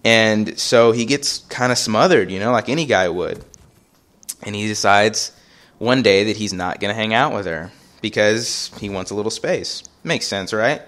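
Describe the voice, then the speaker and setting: A man with a fairly low voice telling a personal story to his viewers. He talks casually and animatedly, slipping into the voices of the people in his tale. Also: normal speed. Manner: animated, acts out quoted voices. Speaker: vlogger.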